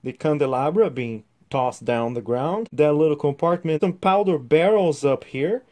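A man's voice: fairly high pitch, moderate pace, mellow. A man reviewing a toy set in a casual, chatty way, showing the pieces as he explains them.

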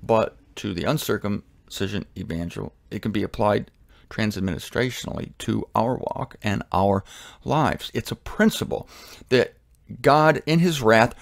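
A man's voice: lowish voice, measured pace, vocal fry. A man leading a live Bible study, teaching in a conversational way, thinking aloud and breaking into sudden emphatic rises.

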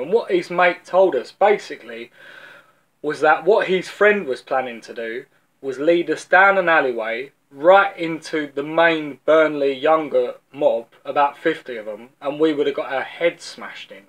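Male preacher with a London accent and a fairly high voice, casual and storytelling, restarts often. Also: a little slow, a bit bright. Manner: conversational storytelling, repeats words as he restarts. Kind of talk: informal video sermon.

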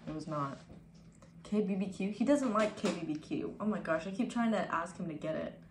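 A woman's voice: lowish voice, expressive, a little fast, slight background noise. A young woman in her twenties streaming from home, chatting casually with viewers in a laid-back, profane way that drifts into whispers. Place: home room. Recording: echoey room with faint ambience.

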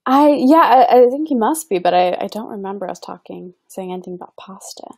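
Bubbly woman with a lively, gravelly voice. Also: mid-range voice, no echo, clean studio sound. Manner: bubbly, fillers of "like", quick laughs. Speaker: assistant and comedian. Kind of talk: casual chat.

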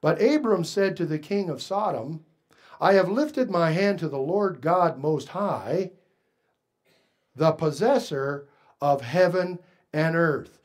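A male pastor preaching a sermon slowly and emphatically, stretching out key words for weight. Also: high voice.

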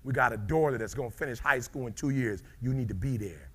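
A middle-aged man giving a live motivational speech, dropping to low murmurs and rising to shouted peaks, calling out to the crowd. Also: fast talker, slightly rough. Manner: preacher-like call and response with the crowd. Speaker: motivational speaker.

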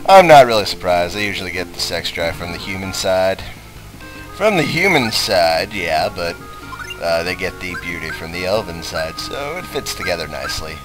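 A man's voice: deep voice, big pitch swings, moderate pace, music in the background, poor audio. A man giving casual, crude and sarcastic commentary while playing a game. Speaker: let's play commentator.

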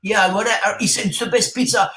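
A man's voice: high voice, fairly even intonation, fast, bright, forceful tone, reverberant, poor audio. A man with a French accent, a guest singer chatting playfully and hamming up a New York accent. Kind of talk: casual interview chat.

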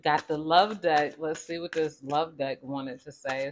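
Speaking unhurriedly in a low voice with fairly even intonation, a female tarot reader offers viewers a relaxed reading. She keeps it chatty and conversational, often asking, "Spirit, please tell me more." There's slight background noise.

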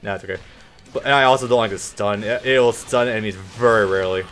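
Let's play host: man, lower register, loose and profane, faint game music underneath. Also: fast talker, a bit bright. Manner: laid-back, swears freely, trails off with ums. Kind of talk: casual gameplay commentary.

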